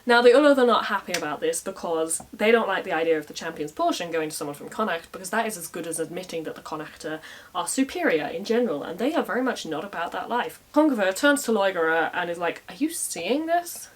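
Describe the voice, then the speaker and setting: A woman's voice: on the low side, lively intonation, quick pace. A woman casually retelling a medieval story with wry, irreverent asides in modern slang.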